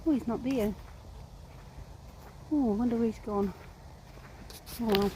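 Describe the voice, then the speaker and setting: A woman's voice: a little high, normal speed, long pauses, slight background noise. A woman filming a vlog outdoors on a horse farm, cooing to the horses in affectionate baby talk. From New Zealand. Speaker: vlogger. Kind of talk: casual vlog talking to horses.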